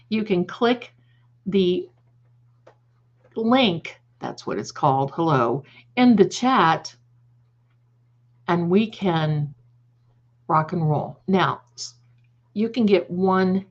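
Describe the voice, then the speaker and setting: Woman, psychic live-stream host, chatty, affectionate pet names, repeats and restarts words, mid pitch, slightly muffled stream audio. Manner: affectionate, calls viewers "my darling". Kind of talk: live-stream chat reading comments.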